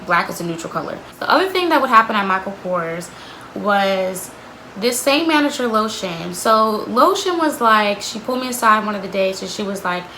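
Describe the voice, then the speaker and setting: A woman's voice: medium pitch, animated, normal speed, sharp tone, a little hiss or hum, low-quality recording. A young woman vlogger telling a candid storytime about an old job, blunt and sweary, with lots of "like.". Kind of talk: storytime vlog.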